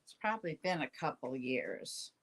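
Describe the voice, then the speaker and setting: An older woman hosts a casual live tarot reading, chatting and rambling and often cutting herself off mid-sentence. Her bass voice has a sing-song lilt at normal speed, with slight background noise.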